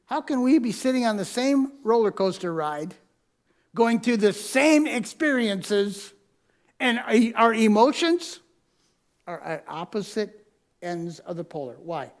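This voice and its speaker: A man's voice: high-pitched, expressive, takes it slowly. A man preaching a sermon as pastor, mixing a personal story with teaching, repeating key lines for emphasis and telling listeners to mark their notes. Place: church sanctuary.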